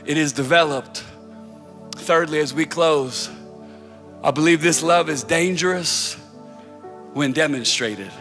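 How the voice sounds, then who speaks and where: A man preaching a sermon as a pastor, telling stories casually, then building to loud, fervent prayer. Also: on the high side, takes it slowly, pauses often. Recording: music and long hall reverb.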